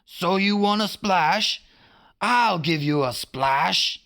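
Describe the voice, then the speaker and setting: A man's voice: high voice, lively intonation, slow pace, bright, forceful tone, voice pushed up, exaggerated voice. A man doing a snarling pirate captain. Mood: menacing. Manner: bellowing, menacing.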